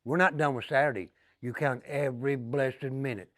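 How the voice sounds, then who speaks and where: A man's voice: mid-range voice, fairly even intonation, moderate pace. An older man, a former prisoner guiding a walking tour in a folksy storytelling way, often calling the group "guys". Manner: folksy, repeats "give you an idea", addresses group as guys. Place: large echoey prison halls and yard. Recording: long echoey reverb of hard halls.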